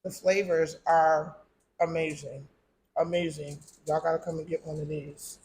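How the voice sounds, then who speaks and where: High-voiced, excitable male host. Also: normal speed, a little hiss or hum. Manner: enthusiastic, talks while tasting food. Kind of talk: food-tasting interview.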